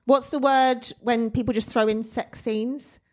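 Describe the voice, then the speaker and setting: A woman's voice: on the high side, steady tone, measured pace, darkish tone. A woman with a British accent co-hosting a podcast, teasing and blunt in casual chat. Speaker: podcast co-host.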